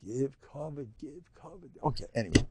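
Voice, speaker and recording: An older man, a rabbi giving a Torah lesson in an animated storytelling way, acting out quotes. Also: mid-range voice, fairly quick, heavy background noise. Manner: animated storytelling, acts out quotes, mixes in Yiddish and Hebrew. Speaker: rabbi teaching a class.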